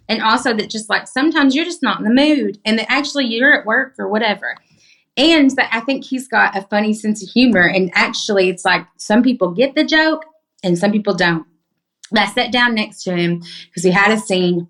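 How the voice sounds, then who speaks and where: Animated Southern woman, swearing freely. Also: medium pitch. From Arkansas. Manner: animated, emphatic storytelling with frequent swearing. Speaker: podcast guest, singer. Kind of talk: casual chat.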